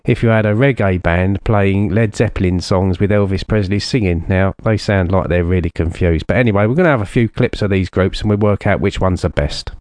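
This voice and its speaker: A man presenting a radio show in a relaxed, jokey way, rambling with plenty of fillers. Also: low voice, brisk, few pauses, no echo, clean studio sound. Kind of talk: casual radio chat.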